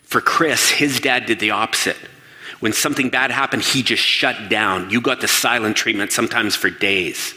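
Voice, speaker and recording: Energetic man with a bright voice in a reverberant hall. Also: lowish voice, normal speed. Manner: energetic, asks the audience questions and acts out quoted voices. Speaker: speaker addressing an audience. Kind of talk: lively stage talk. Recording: long reverb of a large hall.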